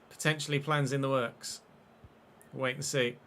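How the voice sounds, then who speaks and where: A man, chatting and commentating excitedly while streaming a football game. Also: medium pitch, normal speed, slight background noise. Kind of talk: live gameplay commentary.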